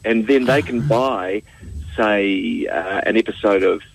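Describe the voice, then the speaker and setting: A man's voice: fairly low pitch, a little slow, vocal fry, rough recording. A man with a New Zealand accent, a TV host chatting on the radio, who tells stories with animation and laughs often. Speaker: TV game show host, radio guest. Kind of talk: casual radio chat.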